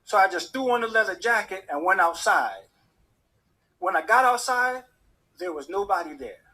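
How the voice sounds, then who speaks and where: Husky high-voiced male storyteller. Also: normal speed. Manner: animated, acts out the voices of people in his story. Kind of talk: personal story told to an audience.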